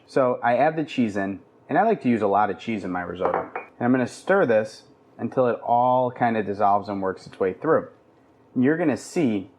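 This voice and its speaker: A man with a fairly low voice hosts a home cooking lesson from his kitchen. He talks viewers through each step in an upbeat, easygoing way, explaining what he is doing as he cooks. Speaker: cooking show host. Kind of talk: casual cooking demonstration.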